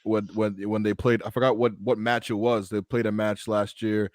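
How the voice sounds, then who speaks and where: Teasing American co-host, dry close sound. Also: male voice, on the low side, level tone, moderate pace, a little mellow, no room sound. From United States. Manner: teasing, talkative. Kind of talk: casual podcast chat.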